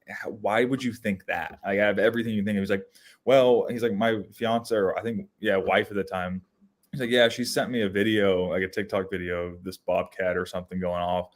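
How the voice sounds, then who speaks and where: A young man co-hosting a podcast, telling casual outdoor stories with lots of restarts and fillers. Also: fairly low pitch. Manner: rambling, animated storytelling with many restarts. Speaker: podcast co-host. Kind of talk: casual storytelling chat.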